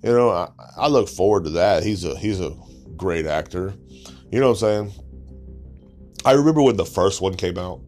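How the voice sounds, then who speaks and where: A man's voice: deep voice, expressive, normal speed, long pauses, a little mellow, faint music behind. A young man hosting a podcast, ranting in a crude, sarcastic, mocking way and swearing constantly. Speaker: podcast host. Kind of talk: profane comedic rant.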